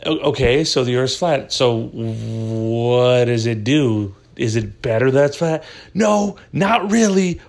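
A man's voice: mid-range voice, slow pace, creaky, few pauses. Rambling, profane man telling a story. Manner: rambling, profane, animated storytelling with many fillers. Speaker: podcast host. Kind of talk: casual storytelling chat.

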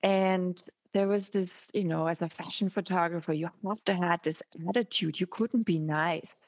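Female podcast host, lower pitch, dry sound, thoughtful talker. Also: fairly even intonation, moderate pace, no echo. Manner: thoughtful, laughs often, many fillers. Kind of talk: casual reflective chat.

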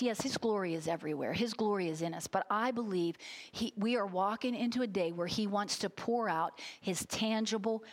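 A middle-aged woman preaching a sermon, telling a story with emphatic, heartfelt delivery and getting choked up at times. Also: fairly low pitch. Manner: storytelling, emphatic, gets emotional.

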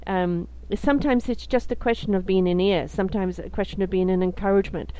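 A woman's voice: medium pitch, fairly quick, mellow, clean tone, low-quality recording. A woman hosting a conversation, speaking in a flowing, affirming way. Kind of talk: podcast conversation.

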